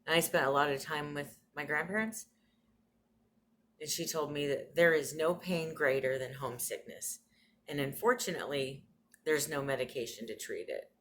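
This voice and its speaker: A woman's voice: low voice, normal speed, a bit bright. A middle-aged woman talks into her phone about family memories. She is tender and gets emotional at times, with a light laugh now and then. There is a faint hiss behind her in an ordinary room. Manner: tender, breaks into small laughs and tears up. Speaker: vlogger. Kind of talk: personal reminiscence to camera.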